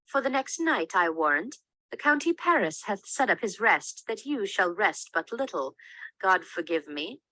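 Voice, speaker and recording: A fussing old nurse, voiced by a man in a classroom play reading, high and lilting with a bright, slow delivery. She teases and fusses, then wails in alarm. The sound is dry and close. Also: very animated, no room sound, heavily acted, rough recording. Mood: teasing. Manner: teasing, then wailing in alarm. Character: fussing old female nurse, teasing then grief-stricken.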